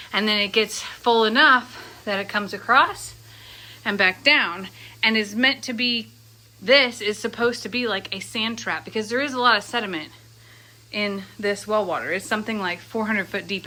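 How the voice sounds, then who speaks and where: Chatty farm woman with a bright voice. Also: mid-range voice. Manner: chatty, self-deprecating, coos to animals. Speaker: farm vlogger. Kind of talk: casual vlog narration. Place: outdoors on a farm.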